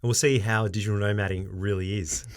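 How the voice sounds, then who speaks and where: A man co-hosting a casual podcast, who laughs often and acts out quotes in a raised, animated voice. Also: on the low side, fairly quick. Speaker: podcast co-host.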